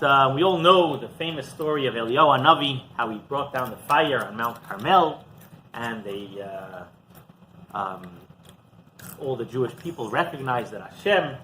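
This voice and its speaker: A man, a rabbi, retelling a Midrash story in an animated Torah talk, raising his voice for the quoted speeches. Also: mid-range voice, slight background noise, low-quality recording.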